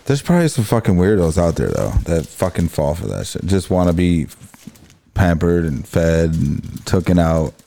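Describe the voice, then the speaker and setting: A laid-back man chatting casually, with a very low voice and a dark, mellow tone. He laughs often and swears easily as he talks. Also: very animated, normal speed, vocal fry. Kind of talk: casual chat.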